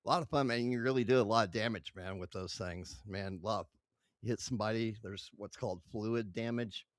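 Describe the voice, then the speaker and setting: A man hosting a casual reaction commentary, excitable and swearing freely, recorded dry and close. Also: fairly low pitch, fairly quick, dry recording. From Texas. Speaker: host reacting to footage.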